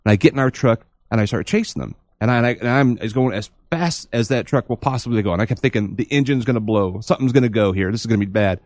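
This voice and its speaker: A man co-hosting a podcast, telling a long dream story in a rambling, animated way with many restarts. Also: medium pitch, fast talker, few pauses, no echo. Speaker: podcast co-host.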